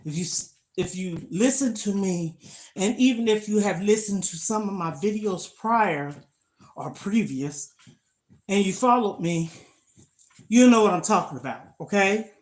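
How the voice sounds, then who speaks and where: A woman's voice: mid-range voice, lively intonation, unhurried. An older woman chatting casually on a live stream while she exercises, talking in an emphatic, motivational way into a phone. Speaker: lifestyle vlogger.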